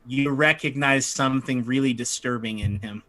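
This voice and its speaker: A man's voice: medium pitch, pushed and bright. A man running a tabletop game as game master, narrating and laughing often. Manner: laughs often, quick asides.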